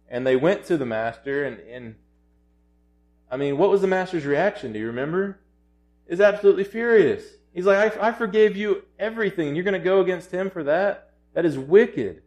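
A man's voice: medium pitch, a little mellow. A man preaching a sermon in an earnest, urgent way, often restarting his phrases and rising to emphatic peaks.

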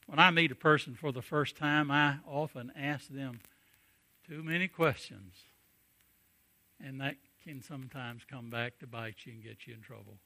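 A middle-aged man preaching a sermon, telling stories and swinging from hushed asides to booming emphasis. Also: expressive, measured pace, long pauses, no echo.

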